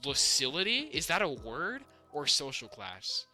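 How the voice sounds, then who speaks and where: A young man from the northern United States talks through a casual podcast chat, circling back with restarts and fillers. His voice is very bright and sits fairly high. He sounds a little under the weather, and faint music plays behind him. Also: wildly swooping pitch, unhurried. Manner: rambling, lots of restarts and fillers. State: sick. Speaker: podcast co-host.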